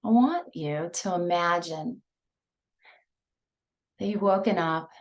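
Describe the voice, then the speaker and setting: A woman leading a guided breathing and visualization exercise, talking softly and soothingly with many pauses. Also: lowish voice. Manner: slow, soft, soothing guidance with many pauses. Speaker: mindfulness instructor.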